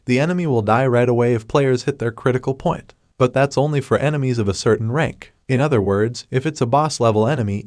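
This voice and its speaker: Man, recap narrator, steady scripted storytelling, mid pitch, dry close voice-over. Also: no echo.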